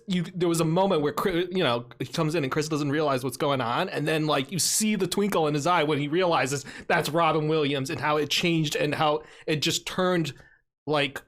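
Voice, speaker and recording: A man co-hosting a podcast, telling a story casually and getting animated and laughing as he goes. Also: medium pitch. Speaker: podcast co-host.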